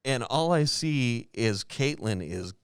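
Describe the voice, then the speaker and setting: Man, podcast host, smooth clear voice, dry close sound, lively storytelling. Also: mid-range voice, slow, dry recording. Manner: animated, acts out quoted voices, laughs often. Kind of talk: casual storytelling.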